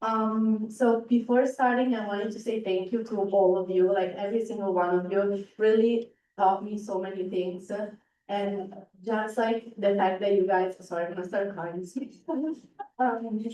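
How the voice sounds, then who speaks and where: A woman's voice: mid-range voice, fairly even intonation, unhurried, dark tone, a little hiss or hum. Teen girl presenting in a roomy hall. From Italy. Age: teens. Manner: chatty, lots of "like" and "um". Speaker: exchange student. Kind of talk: informal presentation to a club. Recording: roomy hall sound, distant mic.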